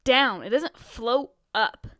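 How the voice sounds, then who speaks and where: A woman's voice: a little high, slow pace, no room sound, clean studio sound. A young American woman co-hosting a podcast, chatting casually with lots of giggles. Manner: giggly, animated storyteller. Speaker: podcast co-host. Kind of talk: casual chat.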